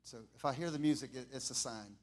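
A middle-aged man preaching an impassioned sermon, building from quiet talk to fervent shouting and repeating his lines. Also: medium pitch, fast. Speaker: pastor.

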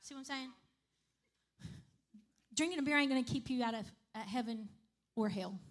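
Brief: woman preacher, high voice, chatty sermon delivery that keeps asking "right?". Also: moderate pace. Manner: conversational, repeats "right?" and "okay?" to the congregation.

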